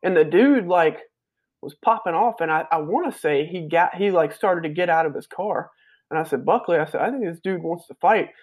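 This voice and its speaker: A man's voice: fairly high pitch, normal speed. A man on a podcast, chatting casually and telling loose, laughing stories with some swearing. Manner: laughing storyteller, loose and profane. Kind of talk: casual chat.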